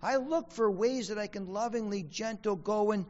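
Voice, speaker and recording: A man's voice: high voice, moderate pace, darkish tone, long reverb tail, lo-fi sound. A man preaching a sermon as pastor, asking the congregation questions and repeating key lines for emphasis. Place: church sanctuary.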